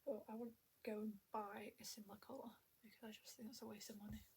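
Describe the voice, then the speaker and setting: A young woman talks fast at medium pitch and in a level tone, with slight background noise. She's vlogging indoors at home into a tablet, rambling and self-deprecating, somewhat breathless and frequently half-whispering.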